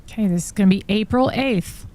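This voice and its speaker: Woman, true crime host, mellow voice, reads messages aloud, shocked asides. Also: mid-range voice, a little fast, slight background noise. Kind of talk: live-stream commentary reading trial exhibits.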